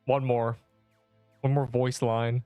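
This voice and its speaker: A hoarse young man casually chatting and joking while live-streaming a game. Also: medium pitch, level tone, dark tone, faint music behind. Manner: joking, chatty, quick to laugh.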